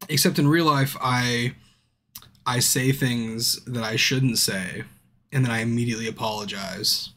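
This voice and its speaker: A drunk man streaming a game, chatting casually, swearing constantly and bursting into yells at the screen. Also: medium pitch, a little slow. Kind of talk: casual livestream commentary. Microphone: streaming mic.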